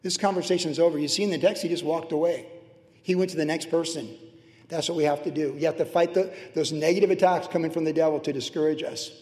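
Preaching a sermon in a roomy, reverberant hall, this middle-aged pastor keeps things conversational and funny, dropping in personal asides. He talks fast in a fairly high, darkish voice with fairly even intonation.

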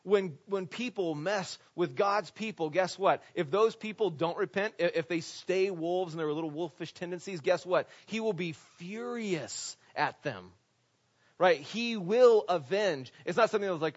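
A male pastor preaching an animated, conversational sermon that is full of rhetorical questions to the congregation. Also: high voice, normal speed. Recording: dull lo-fi recording.

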